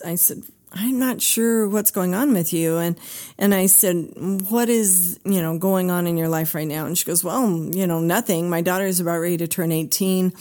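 A woman's voice: on the low side, a little mellow. A woman therapist giving an earnest talk, telling a client's story and acting out the dialogue.

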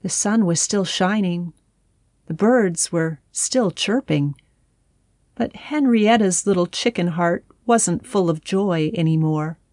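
A woman reads a children's story aloud, gentle and unhurried. Her pace is slow and soothing, and the recording is close and dry with no room sound. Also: fairly low pitch, dry recording. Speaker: storybook narrator.

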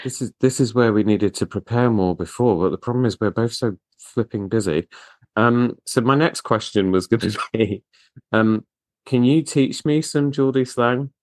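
A man hosting a podcast interview, chatty and self-deprecating with quick asides. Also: mid-range voice, darkish tone, no room sound. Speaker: podcast host. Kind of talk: casual interview chat.

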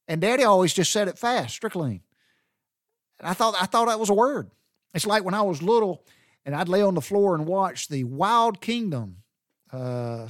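A middle-aged Southern man with a drawl, rambling through homespun stories and cussing casually as he goes. His voice sits at an ordinary pitch, and the sound is dry and close, with no room echo. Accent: Southern American. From American South. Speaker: podcast host. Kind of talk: folksy storytelling monologue.

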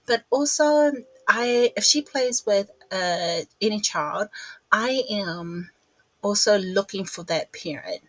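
A woman hosting a podcast in a casual, rambling chat, a little out of breath and quick to laugh at herself. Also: medium pitch, fairly bright tone, no room sound, low-quality recording. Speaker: podcast host.

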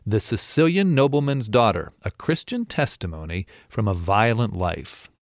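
Low-voiced male narrator, dry studio sound. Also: animated, normal speed, no room sound. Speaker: program narrator. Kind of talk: scripted radio narration.

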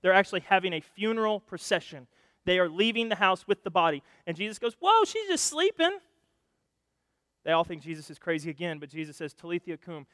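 A high-voiced man preaching a sermon, telling stories in an animated way that swings between loud and hushed. His voice is close and dry at the mic, but a long hall reverb trails behind it. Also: fast. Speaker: pastor.

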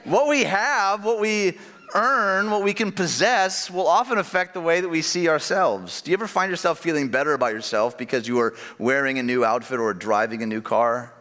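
A man in his thirties delivers a sermon in an easygoing, talkative way, tossing questions and asides to his listeners. His voice sits a little high for a man. The sound carries a long, ringing reverb from a large hall. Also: normal speed, a bit bright. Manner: conversational preaching with asides and questions to the congregation. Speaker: pastor.

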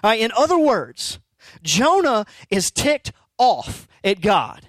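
High-voiced conversational male preacher. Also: sing-song, takes it slowly, a bit bright, no echo. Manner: conversational, emphatic, rhetorical questions. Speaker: pastor. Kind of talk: sermon.

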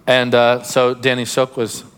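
A man's voice: mid-range voice, monotone, unhurried, a bit bright, clean tone, in a large hall. A man preaching a sermon as pastor, emphatic, breaking into laughing asides and urging listeners to pay attention.

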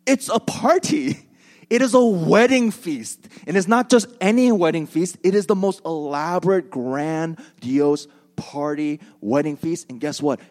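A man preaching a sermon as pastor, animated and joking in a conversational way. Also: a little high, unhurried, hardly any pauses. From United States.

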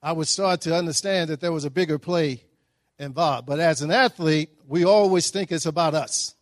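A man, giving a folksy, animated storytelling speech at a breakfast event. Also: fairly high pitch, moderate pace, dry recording, studio quality. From Dallas, Texas. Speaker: guest speaker.

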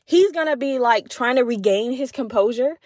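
A woman in her twenties hosting a casual solo podcast, telling comedic, profane stories with an animated delivery and lots of "like.". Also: a little high, moderate pace, no echo, clean studio sound. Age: 20s. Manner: frequent fillers like "like". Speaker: podcast host.

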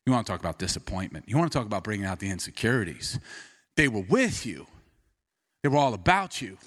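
Animated male preacher. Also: lowish voice, fast. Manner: animated storytelling with sudden drops to quiet intensity. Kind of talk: sermon.

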